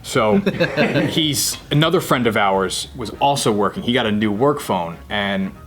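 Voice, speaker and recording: Guy from new jersey, 30s, chill low voice, swears a lot, just chatting. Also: unhurried, faint music behind. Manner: relaxed, candid storyteller who swears freely. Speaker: guest comedian. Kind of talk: casual chat.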